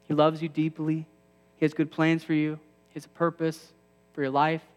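A man's voice: fairly high pitch, completely flat delivery, moderate pace, clean tone, big-room sound. A man in his thirties preaching a sermon to a campus ministry, conversational with self-deprecating asides that build to emphatic peaks.

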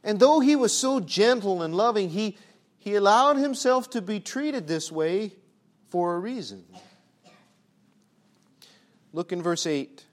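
Guy preaching w a high voice, rhetorical questions, goes quiet then loud. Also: expressive, measured pace, long pauses. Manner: emphatic, swings from hushed to loud. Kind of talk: sermon.

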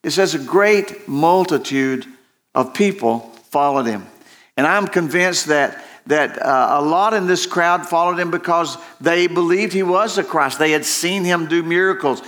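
A man preaching a sermon as pastor, slow and emphatic, often repeating phrases and restarting. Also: on the high side, fairly bright tone.

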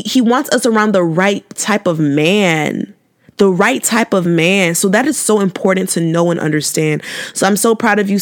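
Young woman, advice vlogger, faith-driven and sassy, middle-range voice, emphatic repeats. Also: mid-range voice. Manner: preachy and affectionate, repeating phrases for emphasis; sassy and emphatic, asking rhetorical questions. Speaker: advice vlogger answering viewer questions. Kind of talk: casual faith-based advice chat.

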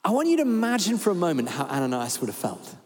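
A man preaching a sermon. He is animated and humorous and acts out bits of dialogue. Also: high-pitched, quick pace. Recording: reverberant church hall.

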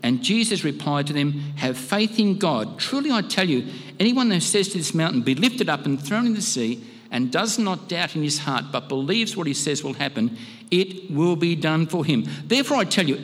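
A man's voice: fairly high pitch, very animated, moderate pace, long reverb tail. A man preaching a sermon in a conversational, earnest way, often restarting his phrases. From Australia. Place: church hall.

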